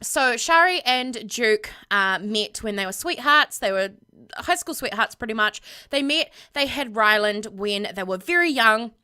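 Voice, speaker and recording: Bright chatty young woman. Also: on the high side, animated, measured pace, clear, resonant tone. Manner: chatty, rambling, with many fillers. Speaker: gameplay vlogger. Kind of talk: casual gameplay storytelling.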